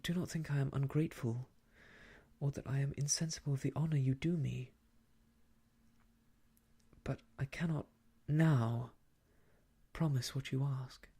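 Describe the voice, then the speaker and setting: A man voicing an earnest, strong-willed young woman in a whispered role-play, speaking quicker and a little higher than his narration. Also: flat delivery, dark tone, husky, no room sound, lightly acted.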